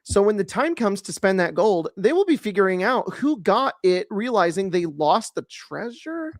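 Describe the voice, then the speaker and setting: A mid-pitched voice reads questions from forum posts in an online video, with jokey remarks between them. The sound is dry and close. It is a played clip, not the live hosts. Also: sing-song, moderate pace, no echo. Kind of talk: reading posts aloud with commentary.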